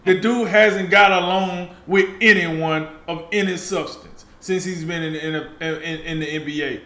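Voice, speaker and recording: A man co-hosting a sports talk show, animated, emphatic and colloquial in casual chat. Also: high-pitched, roomy sound.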